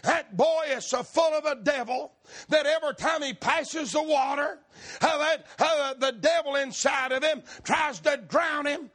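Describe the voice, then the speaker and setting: A man preaching a fervent, shouted sermon, with rhythmic repeated phrases that build up. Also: very high-pitched, a little slow.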